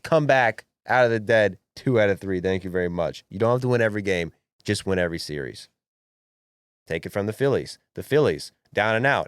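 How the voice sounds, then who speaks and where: Brash young man hyping sports, low voice. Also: brisk, clean tone, no echo, clean studio sound. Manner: brash, swearing, animated hype. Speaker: podcast co-host. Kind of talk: casual sports chat.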